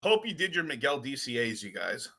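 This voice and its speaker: Brief: bright-voiced male streamer, rambling and excitable, casual commentary. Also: mid-range voice, brisk, gravelly. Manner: rambling, excitable, chats with viewers. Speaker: crypto livestream host.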